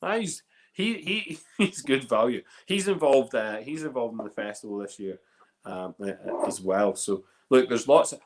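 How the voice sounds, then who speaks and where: A man's voice: medium pitch, lively intonation, moderate pace. Rambling Northern Irish man hosting a tasting. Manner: chatty, rambling, lots of fillers and restarts. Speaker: host of a whiskey tasting. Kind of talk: casual live-stream chat.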